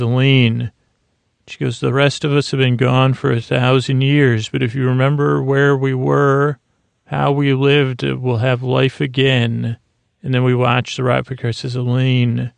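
Flat, gravelly-voiced man recapping drowsily. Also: medium pitch, no echo. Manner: rambling, hesitant, full of uhs and restarts. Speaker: podcast host. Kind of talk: meandering episode recap for sleep.

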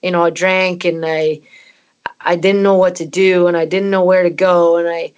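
A woman's voice: on the low side, level tone, normal speed, a little mellow, highs cut off. A woman in her thirties, originally from Canada, candidly telling an emotional personal story as an interview guest, with many "you know" fillers. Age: 30s. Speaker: footballer guest.

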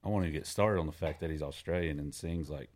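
Deep-voiced easygoing man chatting. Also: quick pace, a little mellow. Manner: easygoing, lots of "you know" fillers. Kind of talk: casual podcast chat.

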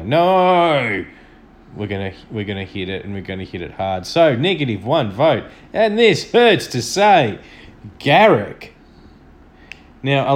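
With a dog snoring nearby, a podcast host goes over an episode at home on his solo show, chatting eagerly while poking a little fun at himself. His voice is fairly low in pitch with a darkish tone.

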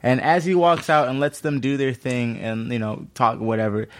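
A man's voice: mid-range voice, steady tone, normal speed. Guy co-hosting a podcast, chatty, agrees a lot, trips over words a bit. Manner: chatty, agreeable, laughs often, repeats words. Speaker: podcast co-host. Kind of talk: casual recap chat.

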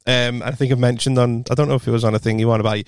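A man, co-hosting a podcast and telling stories in a casual, animated way, swearing freely. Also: medium pitch, rapid-fire, smooth, dry recording. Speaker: podcast co-host. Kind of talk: casual storytelling chat.

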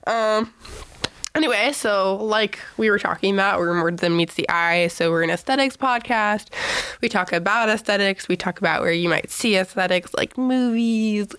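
A young woman co-hosting a casual podcast, her voice croaky from a virus, chatty and self-mocking with lots of "like". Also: mid-range voice, moderate pace, fairly bright tone, dry recording. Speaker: podcast co-host. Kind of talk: casual chat. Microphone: headphones and studio mic.

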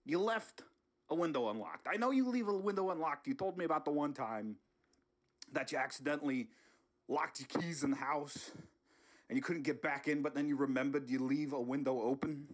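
A man's voice: on the high side, brisk, lightly acted. A man voicing a grumbling older male politician who sneaks into a house, muttering and swearing under his breath. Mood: pleading. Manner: hushed muttering, cranky swearing. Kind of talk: comedy sketch impression.

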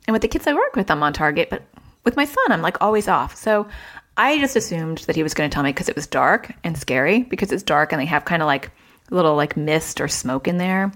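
Woman, child therapist and podcast host, somewhat low voice, chatty advice monologue with acted-out quotes. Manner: chatty, acts out quoted dialogue with pitch jumps.

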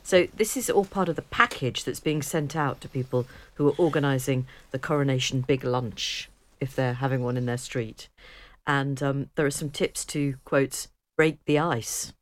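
A woman's voice: rumbling low, moderate pace. A middle-aged woman, co-hosting a casual chat, talkative and self-deprecating with frequent laughter. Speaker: co-host.

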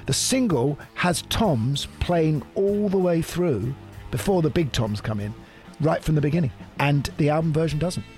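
A man's voice: fairly high pitch, lively intonation, normal speed, a little mellow, faint music behind. A man hosting a podcast, chatting casually and laughing often. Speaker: podcast host. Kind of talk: casual chat.

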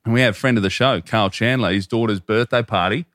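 Low-voiced Australian bloke, swearing storyteller. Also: male voice, quick pace, a bit bright, no echo, studio quality. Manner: profane, rambling anecdotes. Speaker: podcast co-host. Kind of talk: casual chat.

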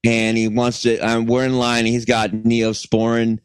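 A man co-hosting a comedy podcast, telling stories in a profane, animated way. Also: mid-range voice, normal speed, clean tone, no echo. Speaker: podcast co-host. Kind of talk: casual comedic chat.

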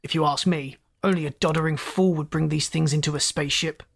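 The narrator voicing a gruff, short-tempered male chief engineer who roars and snaps orders. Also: mid-range voice, steady tone, brisk. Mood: angry. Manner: roaring, snapping commands.

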